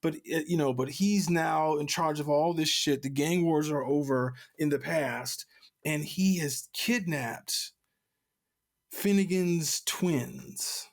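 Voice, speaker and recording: A man co-hosting a podcast, retelling a comic's plot in casual chat with lots of restarts and excited asides. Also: a little high, slow pace. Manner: excited storytelling, many restarts and "you know". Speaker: podcast co-host.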